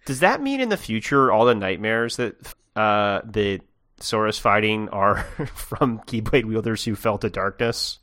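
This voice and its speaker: A man co-hosting a podcast, chatting casually and asking relaxed, curious questions. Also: fairly low pitch, unhurried, no echo, clean studio sound. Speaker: podcast co-host.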